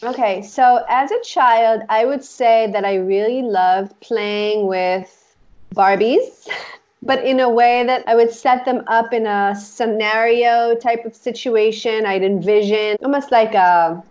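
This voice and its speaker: A woman's voice: fairly high pitch, takes it slowly, a little mellow, muffled recording. Chatty woman guest, giggly storyteller. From Israel. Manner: rambling, giggly, many "like" fillers. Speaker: guest, life coach. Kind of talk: casual storytelling chat.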